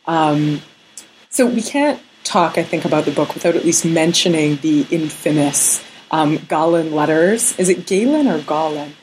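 A woman's voice: deep voice, normal speed, a little mellow, slight background noise, poor audio. A woman interviewer asking engaged, curious questions. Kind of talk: conversational interview.

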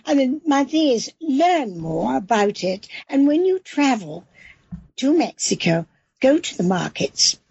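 Husky English-accented woman, enthusiastic. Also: high-pitched, very animated, measured pace, a little mellow. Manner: enthusiastic, emphatic, rambling. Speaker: cookbook author guest. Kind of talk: interview on a call-in show. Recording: dull, lo-fi sound.

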